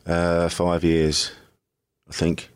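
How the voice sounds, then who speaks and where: A middle-aged English comedian talking candidly as a guest, rambling and self-deprecating, often laughing. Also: male voice, sits low, completely flat delivery, extremely slow, smooth, no room sound. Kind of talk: candid casual chat.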